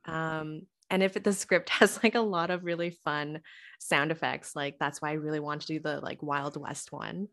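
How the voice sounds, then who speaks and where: A woman's voice: low voice, fairly even intonation, normal speed, fairly bright tone. A woman voice actor chatting as a guest, giggly and bubbly, saying "like" a lot. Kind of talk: casual interview chat.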